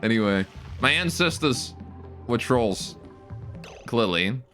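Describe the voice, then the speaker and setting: A male streamer chatting casually over his gameplay, cracking jokes with viewers. His voice swings up and down in a lively way, with faint game music underneath. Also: mid-range voice, takes it slowly. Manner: joking, chats with viewers while playing. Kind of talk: casual live-stream gaming chat.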